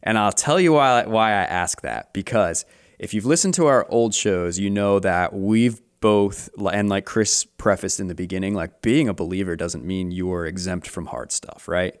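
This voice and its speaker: Man, smooth clear voice, podcast co-host, playful devil's advocate, casual chat. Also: sits low, moderate pace. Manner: playful, self-described devil's advocate, restarts often.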